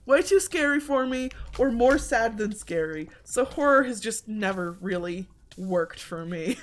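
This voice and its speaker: A game streamer chats casually while playing, rambling with lots of filler "likes" and a self-deprecating tone. The voice is mid-range and animated, a little slow, picked up on a desk mic at home.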